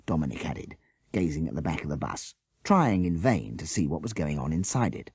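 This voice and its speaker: Husky, lively storybook narrator, a man. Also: rumbling low, moderate pace, dry recording, clean studio sound. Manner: expressive, animated storytelling. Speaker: audiobook narrator. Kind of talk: storybook reading.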